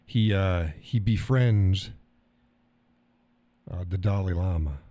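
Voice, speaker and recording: A man's voice: low voice, slow, warm tone, no echo, muffled recording. A middle-aged man hosting a live stream, chatting loosely, cursing now and then and chuckling as he talks to his chat. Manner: rambling, swears casually, chuckles often. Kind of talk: casual chat reading viewer comments.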